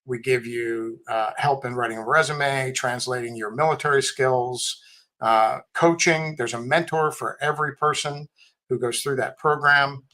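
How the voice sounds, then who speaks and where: A man's voice: mid-range voice, steady tone, a little slow, sharp tone, poor audio. Blunt, storytelling middle-aged man. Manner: candid, blunt, wry storyteller. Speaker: guest, tech company CEO and Marine veteran. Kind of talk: casual storytelling in a podcast interview.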